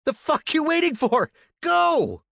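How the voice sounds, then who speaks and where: A man voicing a brash, reckless young man who pushes, jeers and shouts. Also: very high voice, big pitch swings, normal speed, husky, dry recording, clean studio sound, voice pushed up, full character voice. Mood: angry. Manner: pushy, jeering, shouting.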